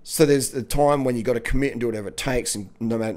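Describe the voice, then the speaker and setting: An Australian man talks straight to his audience in a loose, rambling monologue. He gets excited easily, throws in "man" and mild swearing, and speaks with an ordinary mid-range pitch. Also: fast talker. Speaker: cycling vlogger. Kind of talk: casual monologue.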